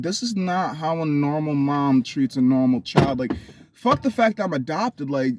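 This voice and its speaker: Vlogger, male, slightly high voice, dry close sound, blunt, swearing, rambling personal storytelling. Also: no room sound. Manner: blunt and profane, rambling with restarts.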